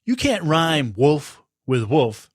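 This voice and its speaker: A clever young boy hero who argues and protests with quick wit, as a male storyteller voices him. The voice stays dry and close, with lively ups and downs. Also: on the high side, no echo, exaggerated voice.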